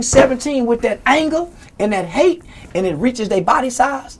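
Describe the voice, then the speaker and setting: A man's voice: extremely high pitch, moderate pace, darkish tone, slight background noise. A man speaking as an interview guest, giving a heated, profane and preachy rant that leans on scripture.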